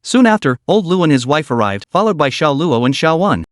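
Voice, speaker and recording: A man narrating a comic recap in a steady storytelling manner. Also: on the high side, a little fast, no echo, studio quality. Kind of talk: scripted narration.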